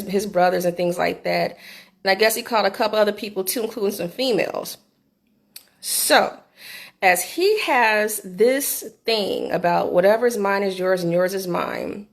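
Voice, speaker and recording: A middle-aged woman telling a candid personal story into her phone for a vlog, animated and swearing freely. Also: medium pitch, creaky. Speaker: vlogger.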